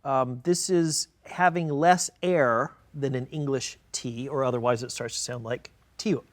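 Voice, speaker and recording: A man's voice: medium pitch, steady tone, a little slow, no room sound. A man moderating a diction panel in a studio, posing questions and summarizing points. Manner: inquisitive, poses questions. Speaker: moderator, researcher. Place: video studio.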